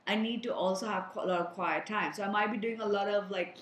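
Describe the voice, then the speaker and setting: A woman speaks earnestly to her viewers, offering spiritual advice in a steady, mid-pitched voice. Her words ring out in a noticeably echoey room. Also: quick pace. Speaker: energy reader and healer. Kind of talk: spiritual energy reading to viewers.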